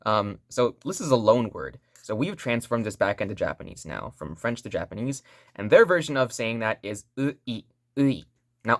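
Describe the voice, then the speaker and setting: A woman's voice: rumbling low, dry recording, studio quality. A woman teaching a language lesson online in a playful, joking way, repeating sounds for learners to say back.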